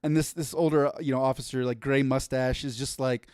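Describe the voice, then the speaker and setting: Speaking fairly quickly in a medium-pitched, clean voice, a podcast co-host animatedly tells a casual story, laughing and stammering through frequent restarts. It's recorded at studio quality with no echo.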